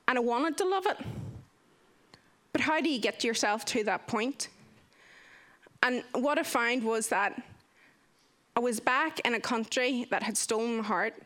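Earnest woman, slightly high voice. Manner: earnest and expressive, acting out quoted voices. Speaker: speaker sharing a personal testimony. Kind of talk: candid storytelling talk.

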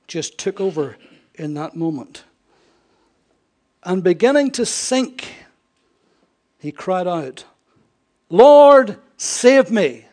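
Man preaching with dramatic hushed drops. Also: sits high. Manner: dramatic swings from raised emphasis to hushed near-whisper; frequent rhetorical questions to the congregation. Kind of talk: sermon.

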